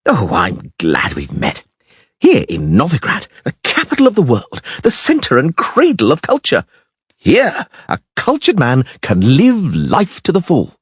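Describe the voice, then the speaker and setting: A man voicing a vain, flamboyant young troubadour who talks excitably and theatrically, pitched well above his own voice. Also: measured pace, slightly rough, no room sound, clean studio sound, heavily acted. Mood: boastful.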